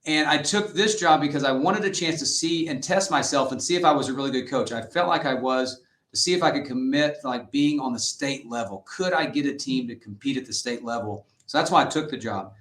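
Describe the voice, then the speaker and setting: A middle-aged man coaching high school football talks earnestly through his stories, slipping into the voices of the people he quotes. His voice sits at an ordinary pitch for a man. The recording carries a noticeable room echo. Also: brisk. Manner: earnest, animated storyteller who acts out quotes. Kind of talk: interview guest storytelling. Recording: roomy echoey sound.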